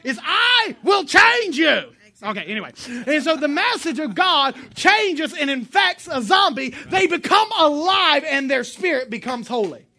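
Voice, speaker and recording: A woman preaching a sermon in a lively, emphatic way, with joking asides and sudden bursts of loud emphasis. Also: high voice, moderate pace, few pauses.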